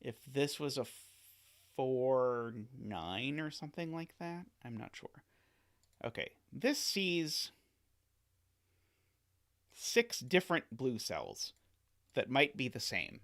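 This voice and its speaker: A man streams himself solving a sudoku, talking through each step out loud. He keeps catching his own mistakes and taking them back, and he tosses in playful remarks to his viewers. His pitch swoops lively up and down as he works. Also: slow pace, pauses often. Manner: talks to himself, corrects himself often, playful asides. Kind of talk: live-streamed puzzle solving, thinking aloud.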